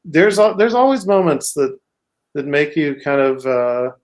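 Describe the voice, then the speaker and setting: Halting man in casual stage chat. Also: a little high, expressive. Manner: halting, full of fillers. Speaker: co-host.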